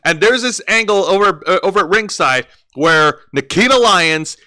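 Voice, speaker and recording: Lively, bright-voiced man rambling in casual chat. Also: sits high, moderate pace. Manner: rambling, many restarts and "like" fillers. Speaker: wrestling review co-host.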